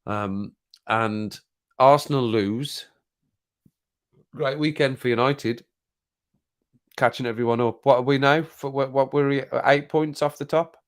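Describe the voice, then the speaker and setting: A man's voice: mid-range voice, measured pace, long pauses, clear, resonant tone. A British man hosting a casual live-stream chat from home, rambling and laughing, often repeating himself. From Britain. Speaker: YouTube channel host. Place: home, sitting at desk.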